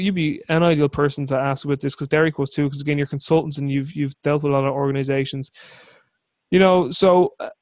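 Rambling, frank man, slightly high voice. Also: no room sound. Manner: rambling, frank, swears casually. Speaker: podcast host. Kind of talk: casual interview conversation.

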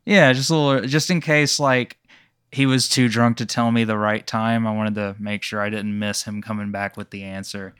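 A man's voice: lowish voice, fairly even intonation, normal speed, a bit bright, clear, resonant tone, dry recording. A man playing along in a comic tabletop game, dry and matter-of-fact. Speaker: guest player. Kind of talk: casual comic role-play.

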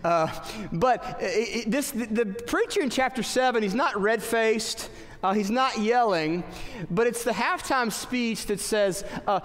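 A man preaching a sermon in an earnest, halting way with many fillers, in a church hall. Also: high voice. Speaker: pastor. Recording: long hall reverb.

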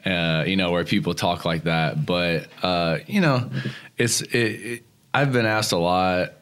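A man's voice: deep voice, a little slow, fairly bright tone, smooth. A young man from Texas, a guest in a casual interview, rambling with lots of "you know" and restarts and laughing easily. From Texas, near Houston.

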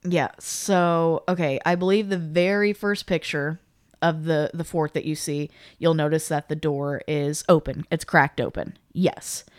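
A woman's voice: low voice, a little slow, clean tone, no echo, clean studio sound. A woman co-hosting a podcast, casually retelling a video and acting out the quotes with animation. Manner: animated storyteller, acts out quotes. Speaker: podcast co-host.

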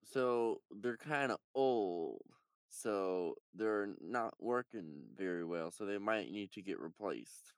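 A man in a tabletop game with a very deep voice and a smooth, clean tone. He talks in a relaxed, low-key way, and the recording sounds dry and close. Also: slow pace, dry recording. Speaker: player. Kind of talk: casual tabletop play.

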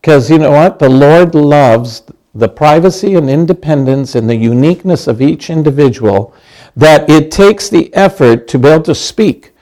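A man's voice: fairly high pitch, animated, moderate pace, warm tone. A man in his sixties preaching a sermon as pastor, conversational and humorous, acting out quoted lines.

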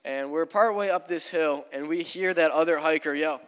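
A man's voice: on the high side, normal speed, hardly any pauses, a bit bright, smooth. A young male pastor preaching a sermon in a casual, storytelling manner in a church. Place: church sanctuary. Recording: long church hall reverb.

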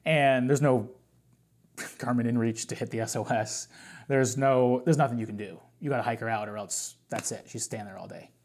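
A man's voice: mid-range voice, moderate pace, darkish tone. A man talking as a podcast guest, telling a long story in a casual, rambling way, full of fillers and restarts.

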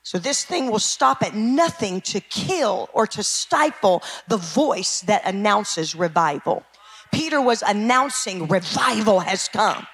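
A woman pastor preaching a fervent sermon, often shouting and calling out to her congregation. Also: medium pitch, lively intonation, unhurried. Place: church sanctuary.

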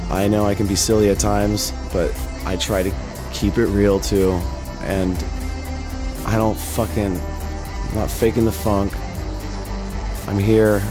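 A male podcast host speaks slowly and haltingly, choking up and swearing as he thanks his listeners. His voice sits a little low. Music plays clearly beneath him. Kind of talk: emotional farewell message to listeners. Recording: music playing clearly underneath.

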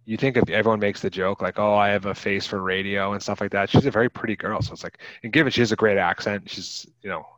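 Deep-voiced man rambling on a podcast. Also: quick pace, few pauses, fairly bright tone, no room sound. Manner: rambling, many fillers and restarts. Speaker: podcast co-host. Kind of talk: casual movie podcast chat. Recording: dull lo-fi podcast mic.

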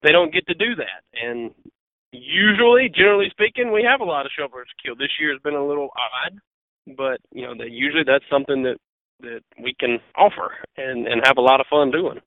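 A man's voice: medium pitch, expressive, brisk, no echo. A man speaking as a guest on a talk show, blunt and passionate, and he swears freely. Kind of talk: casual talk show chat. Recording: phone-line, dry and tinny.

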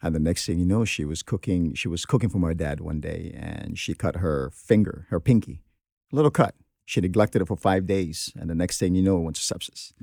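Deep raspy guy, heartfelt chat, dry close mic. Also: a little fast, a little mellow, no room sound. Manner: earnest, heartfelt storytelling with many restarts. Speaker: guest sharing a personal story. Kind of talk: emotional podcast conversation.

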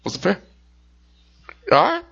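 A man's voice: unhurried, sharp tone, muffled recording. A man co-hosting a podcast, telling a jokey story in casual chat, swearing now and then. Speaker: podcast co-host.

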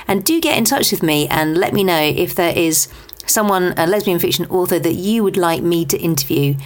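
A woman's voice: lowish voice, animated, brisk. Chatty woman hosting a podcast. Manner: chatty, with many ums and restarts. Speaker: podcast host. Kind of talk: casual book recommendations.

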